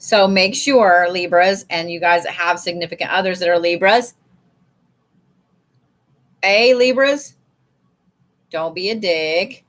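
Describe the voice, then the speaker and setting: A woman's voice: lowish voice, slow, pauses often, a bit bright. A woman giving a casual live card reading, blunt and chatty, swearing freely and calling her viewers y'all. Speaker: tarot and oracle card reader.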